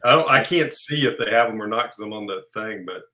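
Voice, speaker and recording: A man's voice: fairly low pitch, sharp tone. A man co-hosting a casual livestream chat, easygoing and agreeable. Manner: easygoing, agreeable, quick to laugh.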